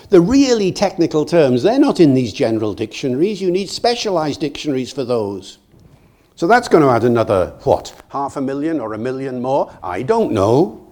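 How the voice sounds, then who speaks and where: An older man from Britain giving a public lecture in a lively, self-mocking way, telling anecdotes and chuckling at his own jokes. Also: mid-range voice. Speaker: guest lecturer. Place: lecture hall.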